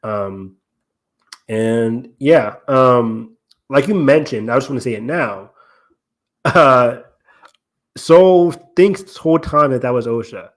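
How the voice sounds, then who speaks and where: A man's voice: mid-range voice, expressive, slow pace, long pauses. A man co-hosting a podcast, explaining and analyzing at length in casual talk with frequent ums and self-corrections. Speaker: podcast co-host.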